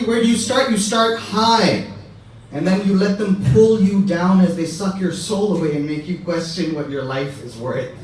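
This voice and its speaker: Young male stand-up, chatty, checks in with the crowd constantly, higher voice, distant mic, faint room noise. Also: very echoey. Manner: conversational, keeps asking "right?". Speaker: stand-up comedian. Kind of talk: stand-up routine. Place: comedy stage with live audience.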